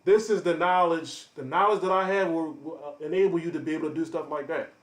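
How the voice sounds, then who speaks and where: A man ranting on a live stream, confrontational and boastful, calling out chat members by name with loud bursts and drawn-out emphasis. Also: fairly high pitch, steady tone. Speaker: livestreamer. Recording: roomy echo.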